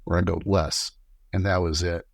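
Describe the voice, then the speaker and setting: A middle-aged man, a guest on a podcast, telling lively stories and acting out the lines of people he quotes. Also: low voice, moderate pace, creaky, dry recording. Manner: animated storyteller acting out quoted dialogue. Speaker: podcast guest, former camera operator. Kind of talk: casual storytelling interview.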